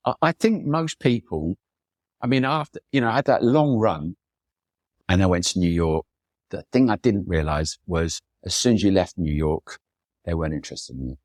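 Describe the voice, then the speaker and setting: Deep-voiced, chatty man. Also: animated, normal speed, darkish tone, no echo, clean studio sound. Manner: enthusiastic, chatty anecdotes with acted quotes. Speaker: photographer guest. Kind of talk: storytelling conversation.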